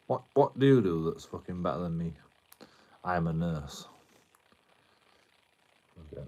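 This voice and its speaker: A man's voice: deep voice, lively intonation, measured pace, warm tone. A British man live streaming, arguing with his chat in a combative tone, swearing a lot and repeating himself. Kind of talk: ranting at chat on a livestream.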